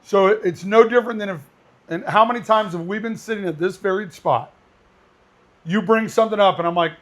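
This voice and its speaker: High-voiced blunt man co-hosting a podcast. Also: a little fast. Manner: blunt, animated storytelling. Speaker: podcast co-host, firearms instructor. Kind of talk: casual podcast chat.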